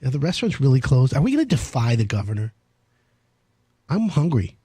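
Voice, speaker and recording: A man's voice: medium pitch, very animated, fairly quick, warm tone, slightly rough, dry recording. A man hosting a home improvement radio show, brash and joking.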